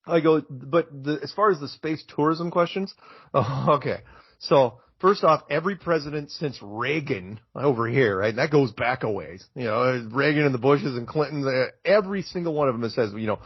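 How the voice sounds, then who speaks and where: A man talking as a podcast guest in an animated, emphatic way, getting worked up as he makes his case. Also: medium pitch, a little fast, slightly rough, no echo. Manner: excitable, emphatic, gets worked up. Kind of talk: animated conversational rant. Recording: dull lo-fi, dry audio.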